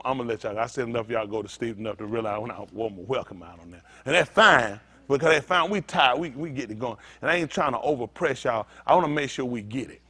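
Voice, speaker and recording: A husky, slightly bright, medium-pitched male voice. He preaches as pastor to a synagogue congregation, talking to them directly with humor and a conversational ease.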